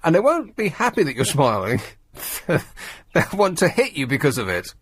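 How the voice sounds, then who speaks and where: A man's voice: fairly high pitch, huge pitch swings, moderate pace, fairly bright tone, husky. A man hosting a talk radio show, grumbling and mocking in a sardonic monologue from a studio mic. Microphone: studio microphone.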